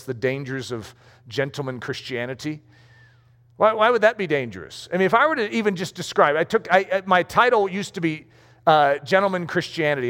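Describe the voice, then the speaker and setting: A man's voice: on the high side, a bit bright. A man preaching a sermon with emphasis, acting out the voices of the people he quotes. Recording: long hall reverb.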